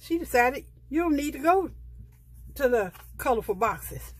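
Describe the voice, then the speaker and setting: Speaking in a high, expressive voice at a measured pace with no room sound, a middle-aged planner vlogger shows off a sticker book. She talks softly and chattily to her viewers, gushing over each page as she turns it.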